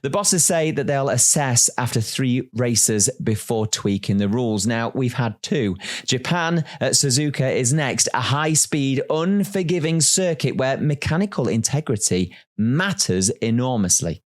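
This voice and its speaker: A man delivers a scripted race recap with dry sarcasm. His pitch swings widely as he plays up the jokes, and his voice sits mid-range for a man. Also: a little slow. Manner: wry, sarcastic, lively delivery. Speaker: listener contributor presenting a race recap.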